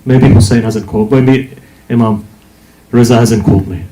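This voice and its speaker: A man voicing a merchant pilgrim in a story, speaking low and quietly. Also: fairly even intonation, normal speed, noisy background, lightly acted. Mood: resigned. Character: troubled adult merchant pilgrim. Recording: echoey hall.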